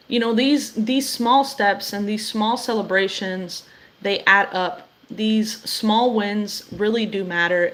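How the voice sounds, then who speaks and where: A young woman hosting a weekly live stream, talking encouragingly and directly to her viewers. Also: mid-range voice. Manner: warm, affirming, addresses viewers directly.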